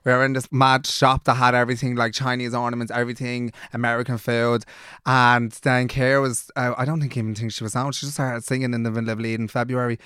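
Young man, Dublin accent, podcast co-host, casual storytelling, swears, acts out quotes, smooth clear voice, dry close sound. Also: medium pitch, little pitch movement, fast talker, fairly bright tone, no echo. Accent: Irish, Dublin.

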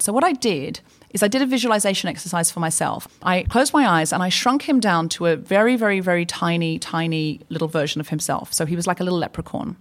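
A woman co-hosting a live comedy podcast, telling a self-mocking story in an animated way. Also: lowish voice, fast talker, hardly any pauses. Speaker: co-host.

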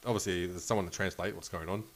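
A man's voice: low-pitched, steady tone, fast talker. A man telling casual, rambling stories, swearing and laughing often. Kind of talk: casual storytelling chat.

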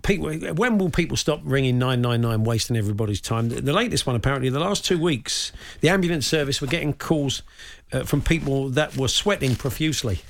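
A man's voice: mid-range voice, expressive, fairly quick, creaky, hardly any pauses. Stammering man bantering on radio. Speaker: radio co-host. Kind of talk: casual radio chat.

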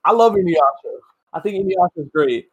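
A man co-hosting a podcast in relaxed casual chat, asking questions and giving brief replies. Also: sits high, fairly quick, breathy edge, muffled recording. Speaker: podcast co-host.

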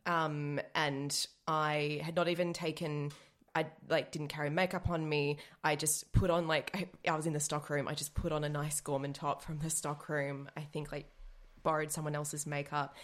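A woman hosting a podcast, chatting casually and telling stories with quick agreeing replies. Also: low-pitched, level tone. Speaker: podcast host. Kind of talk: casual chat.

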